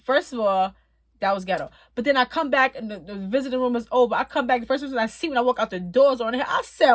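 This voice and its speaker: A woman telling stories from her time in prison to her viewers in a casual, animated, profane way, laughing often and at times tearful. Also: fairly high pitch, fast talker, no room sound. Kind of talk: casual storytelling.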